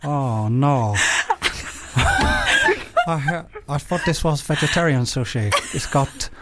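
A man's voice: a little high, huge pitch swings, slow pace, very noisy, exaggerated voice. A man putting on a South African accent as an exasperated man complaining about his food. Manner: swearing, exasperated impression.

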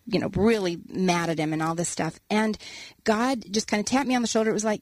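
Woman guest telling a story, earnest and animated, mid pitch, dry close sound. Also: fast, no room sound. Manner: earnest, animated, acts out quotes. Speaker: author and guest. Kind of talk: casual storytelling conversation.

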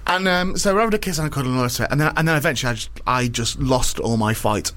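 A man's voice: mid-range voice, rapid-fire, fairly bright tone. A man hosting a comic radio show, telling rambling, self-mocking stories.

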